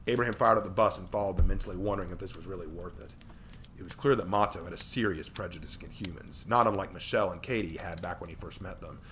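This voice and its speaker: A man streaming a reading of his own story, narrating with lively delivery and the odd slip. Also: low voice, fast, slight background noise. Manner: lively reading, some slips and restarts.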